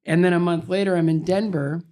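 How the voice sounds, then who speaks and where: A man in his sixties, a guest in an interview, telling stories in an animated way and acting out the voices of people he quotes. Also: high-pitched, brisk. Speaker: interview guest, former figure skater. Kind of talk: storytelling in conversation.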